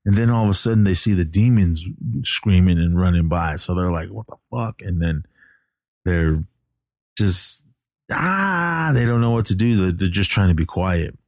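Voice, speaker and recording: A deep-voiced man recaps a movie in a loose, rambling way, full of pauses and restarts. The sound is dry and close, with almost no room in it. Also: dark tone, no echo. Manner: rambling, hesitant, many fillers and restarts.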